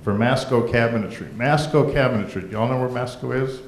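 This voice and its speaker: A man's voice: medium pitch, a little fast, roomy sound, a little hiss or hum. A man speaking as mayor at a council meeting, in a folksy, rambling way with frequent restarts. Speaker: mayor presenting a proclamation. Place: council chamber.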